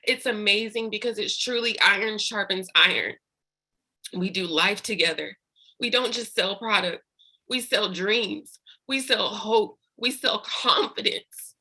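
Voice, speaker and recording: A woman's voice: mid-range voice, a little slow, bright, forceful tone, husky, low-quality recording. A woman leading her sales team on a video call, preaching with faith and fighting back tears. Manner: preachy, faith-filled, tearful. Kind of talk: emotional team call speech.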